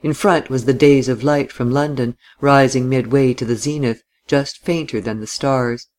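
A man reading a literary novel aloud in a measured, deliberate audiobook narration. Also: medium pitch, fairly even intonation, a little mellow.

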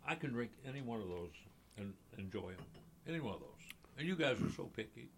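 An easygoing man chats on a radio wine show and teases his friends. His voice moves lively up and down. He speaks at an ordinary middle pitch. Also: fast talker, a little hiss or hum. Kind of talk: casual chat.

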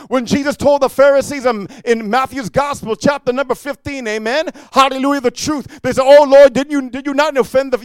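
A man preaching a fiery sermon, repeating "amen" and swinging from low muttering to shouting. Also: smooth, no echo. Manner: repetitive call-and-response, frequent "amen".

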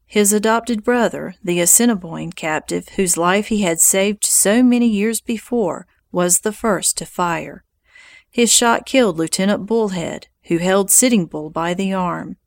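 A woman reading historical nonfiction aloud in a measured, even audiobook narration. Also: medium pitch, creaky, no echo, studio quality.

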